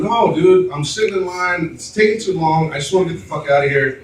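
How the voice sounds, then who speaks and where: A man's voice: sits high, fairly quick. A man doing stand-up, telling a long story full of swearing and fillers, with an audience laughing. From Mexican heritage. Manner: profane, rambling, many fillers. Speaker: stand-up comedian. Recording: roomy club recorded from a distance.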